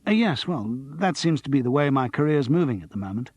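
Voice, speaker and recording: A wry middle-aged male actor, voiced by a man reading a novel, picks his words politely and with hesitation. The voice is a little higher than the reader's own, husky and dry. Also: animated, fairly quick, darkish tone, no echo, natural voice.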